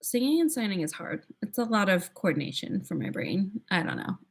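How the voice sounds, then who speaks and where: The voice is mid-range, gravelly and husky, with a sing-song lilt and a fairly quick pace. It belongs to a young woman running a casual livestream, answering viewers, laughing frequently and musing aloud with plenty of "like"s.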